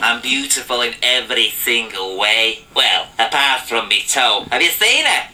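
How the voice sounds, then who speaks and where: A man's voice: mid-range voice, animated, normal speed. A man playing a brash, crude female pop star from Liverpool with a Scouse accent in a TV parody sketch. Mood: boastful. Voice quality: brassy, crude, cackling. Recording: clip with loud music behind.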